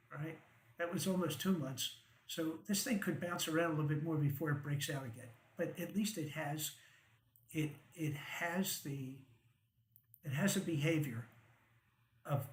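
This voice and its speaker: Going over charts on his stock market show, a man with a fairly high voice keeps it casual, peppering his talk with "right?" and "okay?" and wry chuckles. The recording is rough and reverberant.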